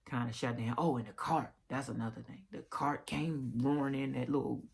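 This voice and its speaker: Gravelly, husky woman telling a story. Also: a bass voice, fairly even intonation, normal speed, a little mellow. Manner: emotional retelling with restarts and whispered asides. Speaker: vlogger. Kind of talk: casual personal storytelling.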